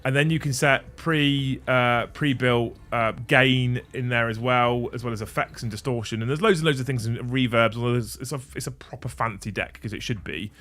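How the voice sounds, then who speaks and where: A man's voice: mid-range voice, normal speed, hardly any pauses, a bit bright. A man hosting a livestream, chatting casually and swearing freely as he fixes his audio settings. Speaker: livestream host. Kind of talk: casual stream chat. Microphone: studio mic on a desk mixer.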